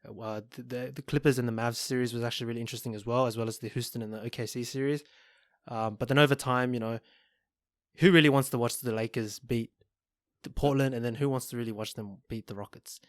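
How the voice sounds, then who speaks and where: A man co-hosting a sports podcast, talking in a measured way with frequent pauses and restarts. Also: mid-range voice, fairly even intonation, no echo, clean studio sound. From Australia. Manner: measured, hesitant, lots of ums and restarts. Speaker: podcast co-host. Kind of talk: casual chat.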